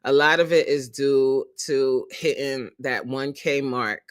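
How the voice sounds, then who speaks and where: A fitness coach hosting a casual livestream, animated and openly emotional, laughing often and greeting viewers in the chat by name. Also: mid-range voice, slow pace, clean tone.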